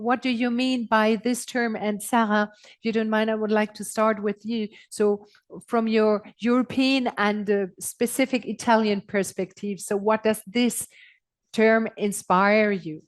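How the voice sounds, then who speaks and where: A woman moderating a round-table discussion, polite and measured, with occasional filler sounds. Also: medium pitch, steady tone. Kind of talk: panel moderation.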